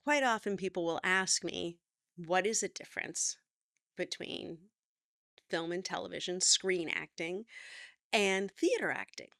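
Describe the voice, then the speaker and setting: A middle-aged woman acting teacher explaining voice work in a relaxed, conversational way. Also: lowish voice, unhurried, vocal fry, no room sound, clean studio sound. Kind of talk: talking to camera, teaching.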